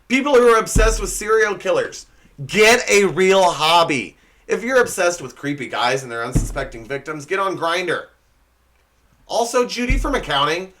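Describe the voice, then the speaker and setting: A man's voice: fairly high pitch, pushed and bright, slight background noise. A young man hosting a comedy show, delivering a sarcastic scripted roast monologue and laughing at his own slips.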